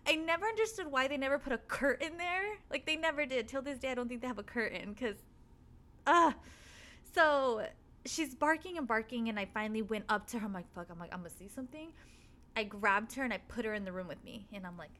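A woman telling a spooky personal story in casual chat, animated and swearing freely as she acts out what people said. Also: a little high. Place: apartment.

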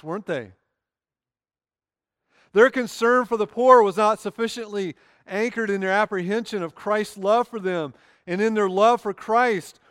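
High-voiced earnest male pastor preaching. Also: fairly bright tone, clear, resonant tone, dry recording, studio quality, in a large hall. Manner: earnest preaching with slow emphatic pauses. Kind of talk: sermon. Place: church sanctuary.

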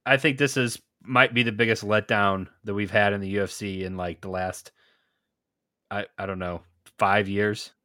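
Man, low pitch, bright forceful tone, dry close mic, casual podcast chat. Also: fairly even intonation, normal speed, no echo. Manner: agreeable, brief reactions. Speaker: podcast co-host.

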